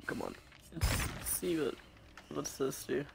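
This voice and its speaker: A man's voice: fairly high pitch, slow pace, gravelly, heavy background noise. A young man giving casual gameplay commentary, tired and exasperated, talking at the other players and laughing often. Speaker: gaming youtuber. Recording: music playing under the voice. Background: background music.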